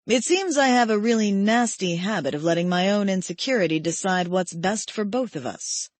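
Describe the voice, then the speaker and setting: Lady voicing a broody intense romance guy, hushed and close, dry audiobook read. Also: mid-range voice, normal speed, no room sound, lightly acted. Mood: intimate.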